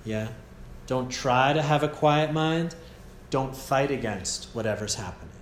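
A man with an American accent giving a gentle, casual meditation teaching at a retreat, often checking in with "yeah?". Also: medium pitch, animated, unhurried, a little hiss or hum. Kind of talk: relaxed meditation talk. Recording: echoey room, faint ambience.

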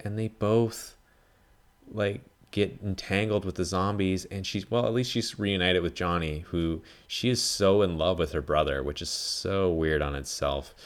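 A man hosting a podcast, giving a casual, rambling film review full of "like" and frequent swearing. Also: low voice. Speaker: podcast host.

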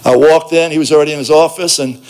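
A man's voice: fairly high pitch, steady tone, quick pace, a little mellow. Plainspoken man telling his own testimony. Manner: plainspoken and blunt, with a streetwise edge. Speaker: speaker giving a personal testimony. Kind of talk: first-person storytelling testimony.

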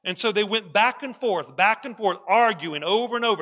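A man preaching from the pulpit with a high, ringing, bright voice. He hammers his points home and repeats them for weight. His voice carries a long church-hall reverb. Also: a little fast, hardly any pauses. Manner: emphatic, repeats key lines for effect. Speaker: pastor. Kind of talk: sermon.

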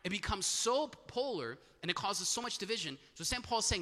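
Man, preacher, bible study sermon, emphatic repetition, very bright tone, long hall reverb. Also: sits high, animated, a little fast. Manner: emphatic, repeats phrases for stress. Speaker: preacher teaching scripture.

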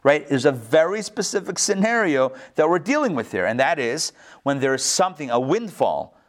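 An animated man leads an online Talmud class. His voice swings widely in pitch as he repeats phrases for emphasis and fires off rhetorical questions. He acts out the characters' lines as he tells the stories. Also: normal speed. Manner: acts out story quotes in varied pitch. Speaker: rabbi teaching a class.

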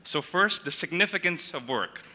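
A man's voice: fairly high pitch, expressive, normal speed, bright, forceful tone. A man preaching a sermon as a pastor, earnest, restating and repeating words as he builds each point. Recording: long hall reverb.

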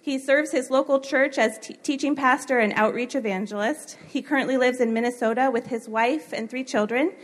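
High-voiced woman introducing a speaker. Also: brisk, hardly any pauses. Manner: reading an introduction, light laughs and fillers. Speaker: chapel event host introducing speaker. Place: college chapel.

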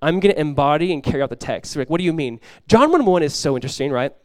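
Pastor guy preaching, talks fast, kinda high voice, goes all quiet acting out prayers. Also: animated, no room sound, studio quality. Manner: conversational, acts out prayers in a hushed voice. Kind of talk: sermon.

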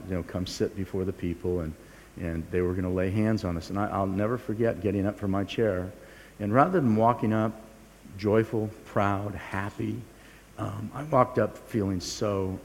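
A man's voice: sits low, a little mellow, a little hiss or hum. An older man preaching a sermon as pastor, earnest and confessional, often restarting his sentences and poking fun at himself. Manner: earnest, confessional, with frequent restarts and self-mocking humor. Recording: long hall reverb.

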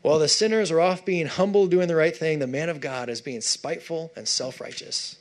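A male pastor preaching a sermon, animated and conversational, with frequent asides to the congregation. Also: a little high, brisk.

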